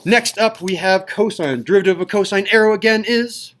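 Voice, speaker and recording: Young guy teaching math to a class, jokey, kinda high voice. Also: fairly quick, fairly bright tone, rough recording. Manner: playful, jokey, upbeat. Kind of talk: classroom lecture.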